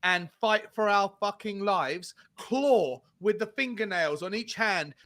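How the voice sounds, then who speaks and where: A man's voice: sits high, slow pace, a bit bright. A man co-hosting a football fan stream, angry and swearing, repeating himself for emphasis in a passionate rant. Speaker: co-host of a fan watchalong.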